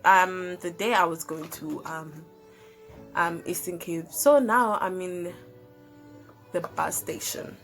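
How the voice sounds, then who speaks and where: Young South African woman vlogger, chatty storyteller, swears freely, mid pitch, soft music bed. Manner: animated, swearing, hesitant fillers. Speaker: YouTuber. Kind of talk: casual storytime.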